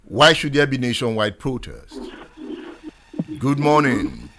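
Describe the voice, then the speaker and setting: A Nigerian man hosting a radio talk show, exhorting his listeners in a repetitive, impassioned monologue that rises to shouts. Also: mid-range voice, sing-song, slow pace, noisy background. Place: radio studio.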